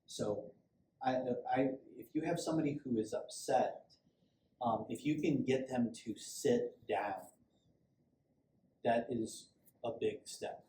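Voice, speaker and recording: Slow and mellow, with long pauses, a middle-aged police sergeant speaks in a mid-range voice. His safety training talk to a small group is loose and conversational, dotted with little acted-out quotes. Echo, a distant microphone and faint hiss mark the recording.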